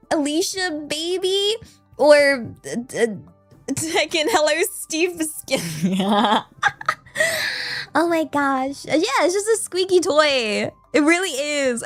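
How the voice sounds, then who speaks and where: A woman's voice: high voice, lively intonation, slow pace, faint music behind. A British woman streamer chatting casually with her viewers, playful and self-mocking, often giggling. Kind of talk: casual live-stream chat.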